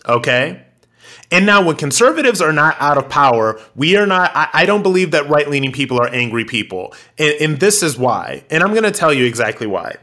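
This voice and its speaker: A man's voice: a little high, big pitch swings, fairly quick, sharp tone. A man hosting a podcast, commenting casually and animatedly, with fillers and restarts. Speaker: podcast host.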